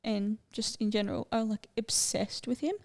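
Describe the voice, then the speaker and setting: A young woman co-hosts a podcast, chatting casually and drifting from topic to topic, easily sidetracked. Her voice is medium-pitched, steady and slightly mellow, at a normal speed.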